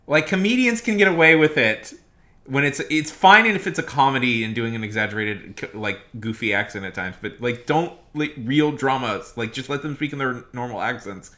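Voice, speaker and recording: A man's voice: mid-range voice, normal speed, sharp tone. A man livestreaming casual, rambling commentary, emphatic and repeating his points. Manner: emphatic, repeats himself, restarts often. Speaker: streamer.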